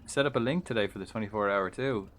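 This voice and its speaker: A man's voice: lowish voice, fast, a bit bright. A man giving casual live-stream commentary, chatty and jokey, with swearing and offhand asides. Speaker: livestreamer.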